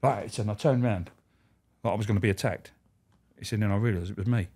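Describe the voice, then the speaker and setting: A man's voice: fairly low pitch, fast talker, husky. A man, a former prison officer telling candid, swearing stories and acting out the voices of people he quotes. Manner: animated, acts out quoted voices.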